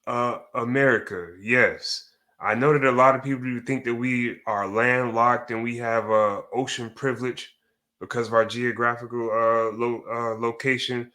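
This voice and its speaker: A man's voice: medium pitch, steady tone, normal speed, pushed and bright. A man giving a heated, profane reaction rant as a commentator, cursing and restarting his sentences as he goes.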